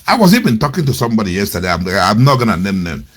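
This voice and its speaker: A man's voice: very animated, racing, breathy edge. Indignant man ranting. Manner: scornful, indignant, repeats insults, swings between loud outbursts and low mutters. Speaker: commentator on a web radio show. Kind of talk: angry political commentary, reading out and mocking quotes.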